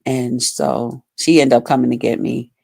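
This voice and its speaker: Low gravelly woman telling a story. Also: steady tone, normal speed, warm tone, no echo. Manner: blunt, profane, frequent fillers. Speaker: vlogger. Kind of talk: casual storytelling to viewers.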